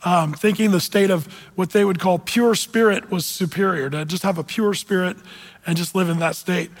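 A male pastor delivers a sermon in an easygoing, conversational manner. His voice sits high for a man. It rings out with a long reverb through a church sanctuary. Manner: casual, conversational preaching with fillers.

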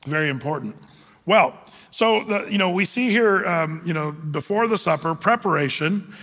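A man pastor gives a verse-by-verse Bible teaching in a loose, conversational way, often stopping to restart a thought. His voice sits a bit high and sounds bright and forceful. The sound carries the long reverb of a large church hall. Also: expressive, moderate pace. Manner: conversational, with frequent fillers and restarts.

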